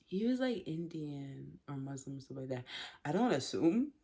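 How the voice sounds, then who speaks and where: A young woman vlogger telling a storytime in a chatty, animated way, full of fillers and laughs. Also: low voice, normal speed, gravelly, breathy edge. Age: young adult. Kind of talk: storytime vlog.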